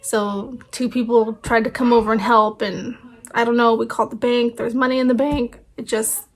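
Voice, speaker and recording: Woman in her thirties, tired, rambly casual vlog chat, slightly high voice. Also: level tone, moderate pace. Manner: chatty, rambling, many fillers. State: tired, voice fading. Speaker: family vlogger.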